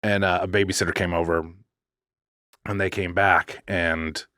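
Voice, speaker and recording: A man with a low, deep voice tells a long story in a loose, chatty way, often circling back and correcting himself and throwing in jokes. The sound is dry and close, with no room around it. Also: flat delivery, moderate pace, bright, forceful tone, dry recording. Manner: rambling, self-correcting, jokey. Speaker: podcast co-host. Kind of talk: casual storytelling. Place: podcast studio.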